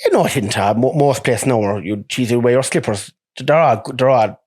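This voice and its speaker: A young Irish man, a truck driver, telling lively stories in casual chat, swearing and acting out what others said. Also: mid-range voice, a little fast. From Ireland. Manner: animated, swearing, acts out quoted voices with laughs.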